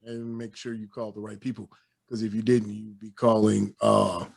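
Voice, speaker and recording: A man from Northwest Indiana hosting a casual sports talk show, joking and animated with preacher-like flourishes. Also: lowish voice, moderate pace, creaky. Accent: American, Northwest Indiana. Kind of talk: casual sports podcast banter.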